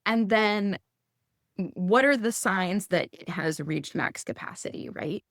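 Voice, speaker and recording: A woman in her thirties speaking casually as a guest, chatty and animated, acting out quoted lines in a higher voice. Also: unhurried, no echo, clean studio sound. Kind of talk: casual conversational advice.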